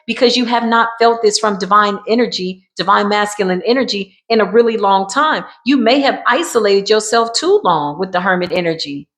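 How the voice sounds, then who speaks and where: A woman gives an intuitive tarot reading in a loose, chatty way. She repeats phrases for emphasis and calls her listeners y'all. Her voice sits at a middle pitch for a woman. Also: lively intonation, a little fast, hardly any pauses, fairly bright tone. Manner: emphatic, repetitive, colloquial, addresses viewers as y'all. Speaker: tarot card reader.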